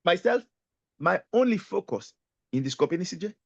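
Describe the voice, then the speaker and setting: A man giving a motivational sales talk as a guest speaker, telling his story in an emphatic, animated way and often turning to the host by name. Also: high-pitched, normal speed, creaky, husky, no echo. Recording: dull lo-fi audio.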